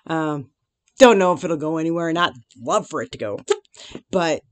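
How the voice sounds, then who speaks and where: A woman's voice: sits low, dry recording. A woman vlogging casually about her day and her faith. She chats in a self-deprecating way, laughing often, and turns reflective and grateful. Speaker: Christian vlogger. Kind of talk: casual daily devotional vlog.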